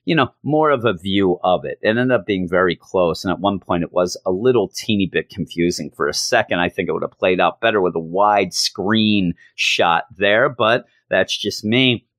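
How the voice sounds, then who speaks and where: A man's voice: sits low, normal speed, hardly any pauses, fairly bright tone, no echo, studio quality. Blunt, exasperated male comic reviewer. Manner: blunt, exasperated critique with casual swearing. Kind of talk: casual spoken review.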